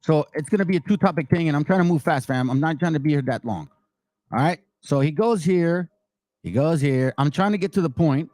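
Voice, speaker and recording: A man's voice: fairly high pitch, fairly quick, darkish tone, no echo. A man giving casual reaction commentary, blunt and mocking, swearing freely. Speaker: online commentator.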